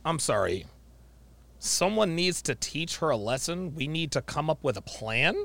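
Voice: medium pitch, very animated, moderate pace, vocal fry, a bit bright. A host reacting with sarcastic, teasing commentary.

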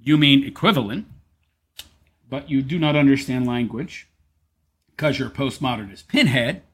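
A man's voice: moderate pace, a bit bright, breathy edge. A man giving mocking live commentary on a debate, sarcastic and heckling, laughing often as he talks. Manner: sarcastic, heckling, mocking, swinging wildly between high and low; laughs often while talking.

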